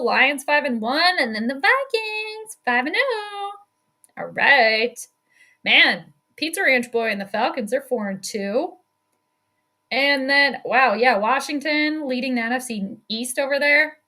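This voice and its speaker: A woman with a high-pitched, sharp and bright voice calls a football game live from her home stream. She talks casually, laughs often, and reads out her chat as she goes. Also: lively intonation, a little slow. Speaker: sports streamer doing live game commentary. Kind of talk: casual live play-by-play commentary.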